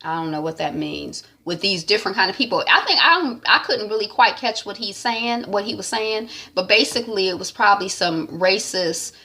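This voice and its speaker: A woman talks through a TV episode in a loose, rambling recap. Her voice sits at a middle pitch, and she fills gaps with ums and you-knows as she goes. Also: a little fast, hardly any pauses, bright, forceful tone. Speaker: TV recap vlogger.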